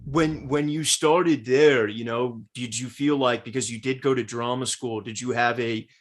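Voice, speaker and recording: A man at a mid pitch, hosting a casual interview. He is eager and supportive, and his questions come out with stumbling restarts and repeated words. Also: fairly even intonation, normal speed. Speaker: podcast host.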